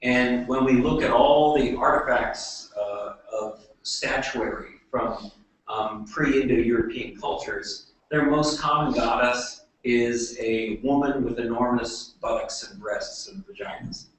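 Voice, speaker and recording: A man's voice: mid-range voice, distant mic. Man lecturing in an echoey room. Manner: halting, with many fillers and restarts. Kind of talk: classroom lecture.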